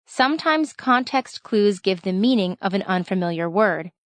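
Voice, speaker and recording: A woman reading a story aloud for a school lesson, giving clear instructions between passages. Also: medium pitch, lively intonation, moderate pace, dry recording.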